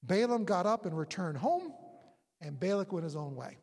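A preacher retelling a scripture story in a sermon, animated and storytelling, sometimes acting out the characters' lines. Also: medium pitch, normal speed, husky, big-room sound.

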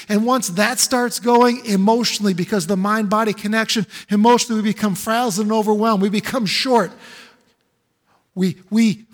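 A male pastor preaching a sermon in an emphatic, repetitive way, full of rhetorical questions. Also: high voice. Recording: echoey hall with long reverb.

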